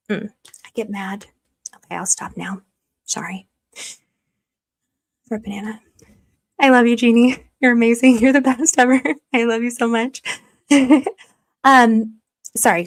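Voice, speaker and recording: A woman giving heated casual livestream commentary, repeating rhetorical questions and reading viewers' chat aloud. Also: mid-range voice. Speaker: political commentary streamer.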